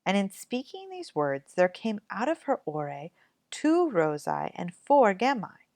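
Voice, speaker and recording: A woman reading a fairy tale aloud in an expressive storybook manner. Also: mid-range voice, measured pace, dry recording, clean studio sound.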